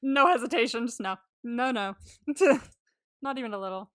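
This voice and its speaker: A woman's voice: on the high side, moderate pace, crowd noise. A woman co-hosting a podcast, recapping a story in casual chat, swearing freely, laughing often and acting out the lines she quotes. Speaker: podcast co-host.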